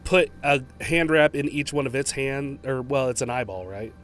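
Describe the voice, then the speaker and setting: A man's voice: mid-range voice, normal speed, a bit bright, faint music behind. A man playing in a tabletop game, laid-back and chuckling as he talks. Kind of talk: casual tabletop game play.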